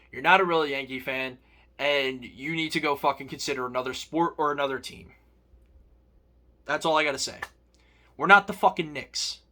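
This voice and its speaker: Bright-voiced man in a profane rant. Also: a little high. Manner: angry, profane, emphatic. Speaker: sports vlogger.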